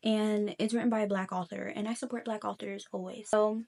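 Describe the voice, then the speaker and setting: A woman's voice: medium pitch, steady tone, a little fast, vocal fry, darkish tone, slight background noise. Chatty young woman vlogging casually. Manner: chatty, lots of "like" fillers. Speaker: reading vlogger. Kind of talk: casual vlog chat.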